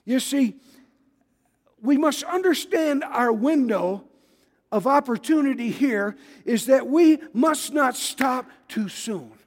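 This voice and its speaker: A pastor preaching a folksy sermon, calling for amens and rising to shouts. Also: male voice, very high voice, expressive, takes it slowly. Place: church sanctuary. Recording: long reverb of a church hall.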